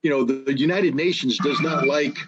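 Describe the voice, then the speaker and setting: A man's voice: on the high side, a little fast, lo-fi sound, noisy background. A man telling stories in casual conversation, emphatic, with frequent restarts. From United States. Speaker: guest, former weapons inspector.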